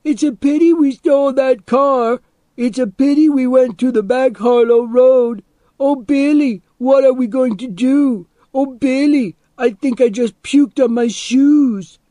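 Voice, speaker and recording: A man voicing a reckless boy in an audiobook who shouts taunts and mockingly imitates others. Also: very high-pitched, unhurried, dry recording, pitched above the performer's own voice. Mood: jeering mimicry. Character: wild, reckless boy spoiling for a fight.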